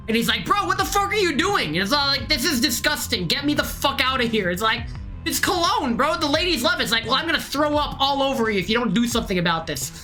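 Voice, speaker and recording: A tipsy woman streaming a game, reading its text aloud and rambling off on tangents in an excitable, profane way. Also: on the high side. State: tipsy from drinking.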